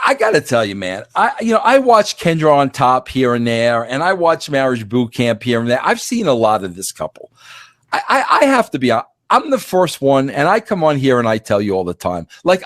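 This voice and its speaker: Podcast host, male, fifties. Animated, emphatic delivery with frequent stammering restarts. Dry sound. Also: a little high, no echo. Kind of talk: casual monologue.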